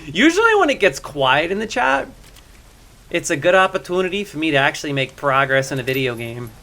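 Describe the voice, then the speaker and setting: A man with a bright, forceful voice streams a game live. He thinks aloud and talks to his chat all the way through. He gets loud and jumpy when something startles him. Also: on the high side, big pitch swings, normal speed, pauses often. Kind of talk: live gameplay commentary.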